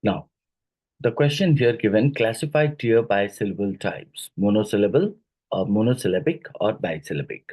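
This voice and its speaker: A low, mellow male voice with a husky edge and an Indian English accent. He works through exam questions in an unhurried teaching manner, spelling words out slowly and filling pauses with frequent "uh"s. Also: lively intonation, rough recording. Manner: unhurried, explains step by step with many fillers. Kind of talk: exam question review lesson.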